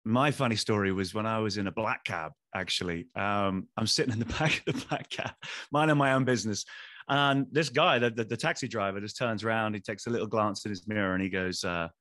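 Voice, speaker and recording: A man co-hosting a podcast, telling anecdotes in casual chat with quick restarts. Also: lowish voice, no room sound, studio quality. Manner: fast, animated storyteller, many restarts. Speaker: podcast co-host.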